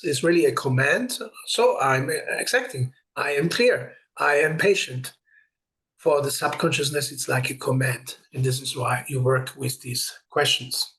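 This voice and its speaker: A man's voice: mid-range voice, a bit bright. A man hosting a live ritual session, giving an earnest spiritual teaching, explaining things and greeting viewers by name. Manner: earnest and explanatory, with brief laughs.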